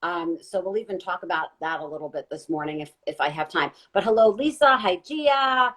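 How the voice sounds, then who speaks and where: A woman guest giving an earnest, gentle spiritual talk during a live online chat. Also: on the low side, expressive, a little fast, rough recording. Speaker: guest intuitive reader. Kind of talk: casual live-stream talk.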